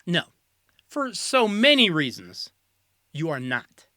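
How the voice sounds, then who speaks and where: Animated, joking American host. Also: medium pitch, takes it slowly, dry recording, studio quality. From United States. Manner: animated, joking, sarcastic asides. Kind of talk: comedic solo commentary.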